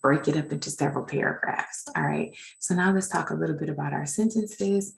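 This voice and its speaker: A woman's voice: low-pitched, fairly quick, creaky, few pauses, rough recording. A woman teaching legal writing in an informal recorded lecture, chatty and self-deprecating as she edits her slides.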